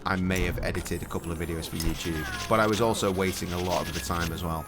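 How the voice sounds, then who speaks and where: A man's voice: deep voice, steady tone, quick pace, loud music behind the voice. A middle-aged man, streaming a video game at home and telling stories in sweary, cheeky banter. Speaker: gaming streamer. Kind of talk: casual commentary with storytelling. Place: home, indoors.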